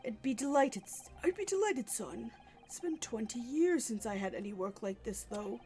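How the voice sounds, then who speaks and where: A woman's voice: fairly high pitch, lively intonation, moderate pace, dark tone. A woman playing a frail kindly old father. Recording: faint music behind.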